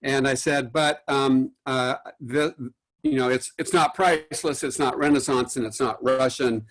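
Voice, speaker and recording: A man giving a recorded lecture on caring for artworks, at a middle pitch. He tells stories in a rambling way, with many "uh"s and false starts, and acts out the voices of clients on the phone. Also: fairly even intonation, a little slow. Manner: storytelling, acts out quotes, many fillers and restarts. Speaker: art conservator giving a lecture.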